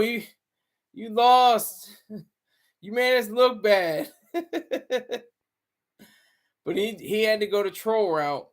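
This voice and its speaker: A man giving casual, rambling livestream commentary, often breaking off mid-sentence and chuckling. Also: a little high. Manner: rambling, self-interrupting.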